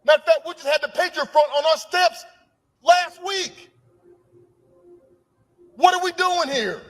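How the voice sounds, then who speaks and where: An indignant man makes an impassioned public speech, pressing hard with question after question. His voice sits very high for a man. This is a clip played into the show. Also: unhurried.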